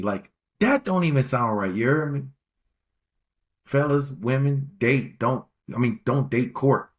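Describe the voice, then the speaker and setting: A man's voice: mid-range voice, animated, measured pace. A man hosting a podcast, giving casual relationship advice in a rambling, slangy way and repeating phrases for emphasis. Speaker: podcast host.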